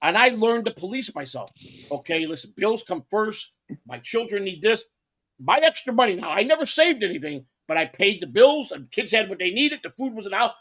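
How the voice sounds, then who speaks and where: Older man, gravelly fry, stammers and swears through long stories. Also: high voice, a bit bright. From Chicago. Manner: rambling, profane, many stammered restarts. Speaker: guest storyteller. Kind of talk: casual podcast chat.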